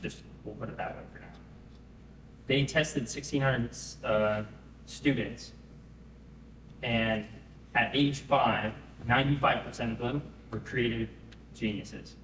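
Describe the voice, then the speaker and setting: Man pitching to a room, echoey and distant. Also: steady tone, slow pace, pauses often, a bit bright, a little hiss or hum. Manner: conversational, checks in with the audience. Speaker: startup founder pitching. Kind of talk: live pitch presentation. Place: event room.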